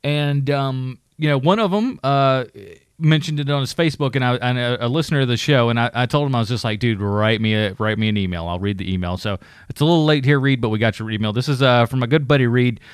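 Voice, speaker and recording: A man's voice: medium pitch, quick pace, clear, resonant tone, no room sound. Man, podcast co-host, profane, rambling, laughing, dry sound. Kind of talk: casual film review chat.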